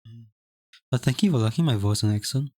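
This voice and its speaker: His medium-pitched, mellow voice comes across animated and a bit quick as the young Singaporean streamer, lightly accented, rambles casually through the chat, reading it out with frequent restarts and stammers. The recording is studio-clean and echo-free.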